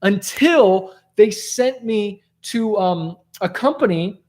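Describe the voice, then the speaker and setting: High-voiced man giving an animated pep talk. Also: slow. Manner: animated, conversational, peppered with "like" and "okay?". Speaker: rap rock musician giving motivational talk. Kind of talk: motivational storytelling to camera.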